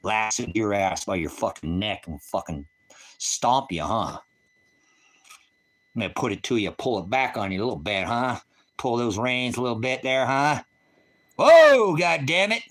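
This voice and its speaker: A man's voice: on the low side, normal speed, fairly bright tone. A man on a ranch ranting angrily on a livestream, profane and taunting. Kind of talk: angry livestream rant.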